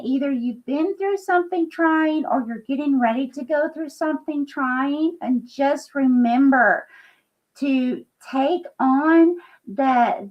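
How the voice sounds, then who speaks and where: A woman giving an earnest, halting psychic reading on a live stream, full of fillers and check-ins. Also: sits high, highs cut off. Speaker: psychic reader using scrying.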